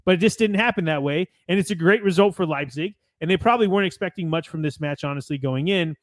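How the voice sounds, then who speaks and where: Relaxed American man, fairly high voice. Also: fast, dry recording, studio quality. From United States. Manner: rambling, relaxed, swears casually, reads match notes. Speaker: podcast co-host. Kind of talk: casual sports chat.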